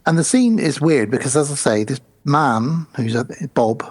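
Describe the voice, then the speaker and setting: A man's voice: mid-range voice, normal speed. A man co-hosting a horror film podcast, recapping the plot step by step and quoting the characters. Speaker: podcast co-host. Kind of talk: casual film review chat.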